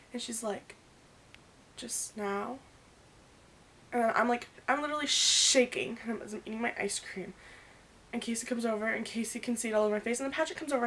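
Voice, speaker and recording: A young woman in her early twenties telling a story in a casual vlog, rambling and animated, acting out the quoted dialogue. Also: a little high, slight background noise. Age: young adult. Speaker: vlogger.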